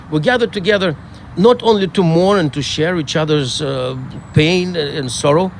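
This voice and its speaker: A middle-aged male rabbi delivers a funeral eulogy outdoors. His storytelling is measured and full of small hesitations, and his voice sits fairly high. Faint traffic hums in the background.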